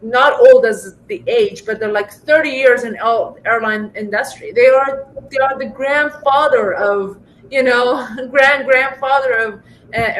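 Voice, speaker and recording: High-voiced woman telling animated work stories. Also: a little hiss or hum, low-quality recording. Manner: animated storytelling, many fillers and restarts. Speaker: data scientist guest. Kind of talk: casual interview conversation.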